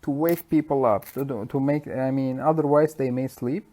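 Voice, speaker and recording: A man's voice: mid-range voice, steady tone, normal speed, mellow. A man with a Turkish accent, a university lecturer, giving a self-recorded lecture in a conversational way, with many fillers and self-corrections. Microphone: self-recorded lecture mic.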